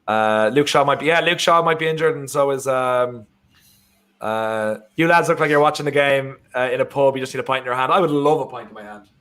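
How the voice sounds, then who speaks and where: A man's voice: mid-range voice, a little fast, fairly bright tone. A young Irish man co-hosting a live football watchalong, talking casually and rambling with lots of fillers. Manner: rambling, many fillers and restarts. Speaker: watchalong co-host.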